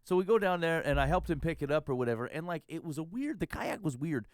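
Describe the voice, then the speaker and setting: A man's voice: fairly high pitch, animated, quick pace, no room sound. Rambling storytelling man, dry close mic. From Iowa. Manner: rambling, self-deprecating tall tale. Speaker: podcast host. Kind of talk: casual storytelling chat.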